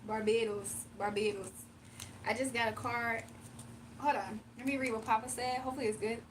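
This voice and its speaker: Woman, high voice, chatty and laughing, reads viewer comments, slightly distant mic, faint hiss. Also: fairly even intonation, fairly quick. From US East Coast. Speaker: live-stream tarot reader. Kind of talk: casual live-stream chat. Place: home, early morning.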